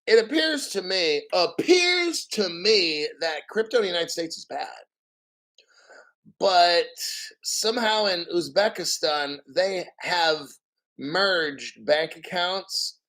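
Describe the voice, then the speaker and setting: A man putting on the voice of a confused newcomer man who keeps asking questions in a quick, puzzled way. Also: sits high, expressive, bright, forceful tone, heavily acted, rough recording.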